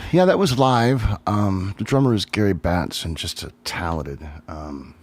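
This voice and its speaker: Deep-voiced man reminiscing with many ums. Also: expressive, takes it slowly. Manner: rambling, reminiscent, thinks aloud with many ums. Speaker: drummer looking back on his old band. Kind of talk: casual solo livestream talk.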